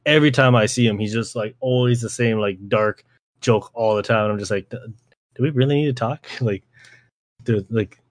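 A man's voice: medium pitch, fairly quick. A young man hosting a podcast, talking in a rambling, slangy way, swearing and saying "like" constantly. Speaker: podcast host. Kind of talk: casual podcast chat.

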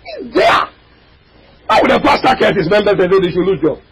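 A male pastor delivering an impassioned sermon, breaking into shouted, cracking cries and calling out to his congregation. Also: sits high, wildly swooping pitch, fairly quick, slight background noise, poor audio. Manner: addresses and prods the congregation directly.

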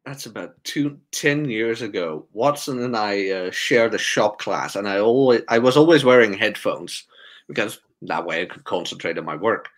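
A young man chatting casually, an animated storyteller who laughs often and acts out quotes. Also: lowish voice, normal speed. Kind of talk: casual chat.

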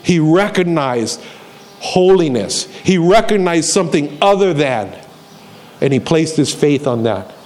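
His voice is fairly high and a little mellow, with lively intonation and a measured pace. As a pastor giving a sermon, he recounts the story, voices the people in it, and repeats key lines for emphasis.

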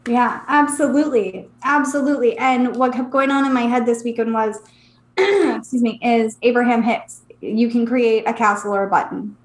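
A woman's voice: a little high, moderate pace, reverberant. A woman co-hosting a casual podcast, telling a personal story with emotion and many "like" fillers, close to tears. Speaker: podcast co-host, psychic.

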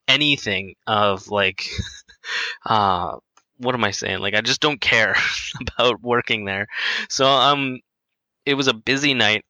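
A man's voice: on the low side, pushed and bright, no echo, rough recording. A young man telling a casual story in a rambling way, full of fillers and restarts.

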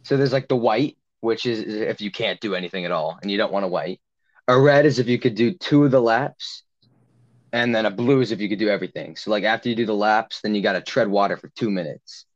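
A man's voice: on the low side, fairly quick, highs cut off. A young man casually telling a long story on a podcast, rambling with many fillers and restarts. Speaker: podcast co-host.

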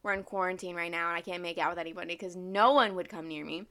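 Young woman, bright edge to the voice, loose self-mocking vlog rant full of "like". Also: on the low side, steady tone, fast. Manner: candid, swears freely, self-mocking, lots of "like". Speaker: vlogger. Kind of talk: casual rambling monologue.

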